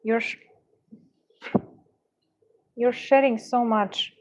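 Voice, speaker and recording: A woman's voice: on the high side, fairly even intonation, extremely slow, low-quality recording. A woman vlogging at home, chatting casually and cooing affectionately to her cat while she works. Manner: cooing, affectionate pet talk.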